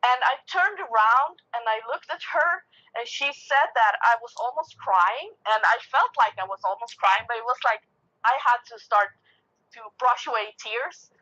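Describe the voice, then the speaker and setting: A woman's voice: a little high, expressive, moderate pace, sharp tone. A woman guest, a medium and empath, telling a personal story casually over the phone and laughing often. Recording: lo-fi phone line.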